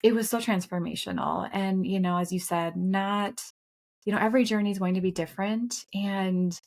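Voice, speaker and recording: A woman's voice: mid-range voice, steady tone, moderate pace, gravelly, a little mellow. A middle-aged woman co-hosting a casual podcast conversation, speaking in an earnest, reflective and candid way, with some profanity. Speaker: podcast co-host.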